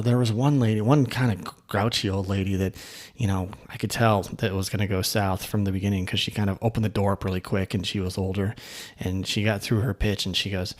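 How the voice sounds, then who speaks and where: A middle-aged man hosting an insurance sales podcast, giving upbeat, casual coaching tips with plenty of fillers and asides. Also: mid-range voice.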